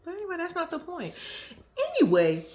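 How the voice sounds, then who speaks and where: A woman in casual reaction commentary, chatty and animated, laughing often and swearing freely. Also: very high-pitched, brisk. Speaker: reality TV commentator.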